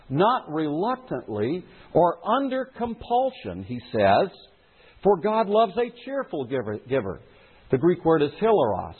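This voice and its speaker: Male pastor, middle-aged, lively and animated preaching, tinny phone-like sound. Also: on the high side, breathy edge. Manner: preaching with rhetorical questions to the congregation. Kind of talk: sermon. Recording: phone-like lo-fi recording.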